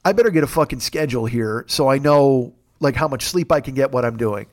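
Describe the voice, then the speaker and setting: A man hosting a podcast, telling profane, excitable comic stories in a sports rant. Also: medium pitch, a little fast. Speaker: podcast host.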